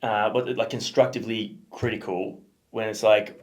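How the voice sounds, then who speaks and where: A man's voice: lowish voice, flat delivery, moderate pace. A man co-hosting a music reaction show, thinking aloud in a rambling, casual way with many fillers and restarts.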